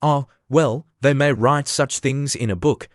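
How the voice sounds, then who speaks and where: A man voicing a pompous, self-important egg man who is quick to take offence, read as an audiobook character. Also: medium pitch, dry recording, clean studio sound, close to an everyday voice. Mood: haughty.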